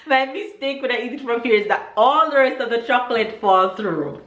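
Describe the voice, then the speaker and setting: A woman's voice: fairly high pitch, animated, fairly quick, fairly bright tone. Chatty woman vlogging in an echoey kitchen. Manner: chatty, giggly, sings little tunes. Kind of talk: casual cooking vlog. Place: home kitchen. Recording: echoey kitchen, faint noise.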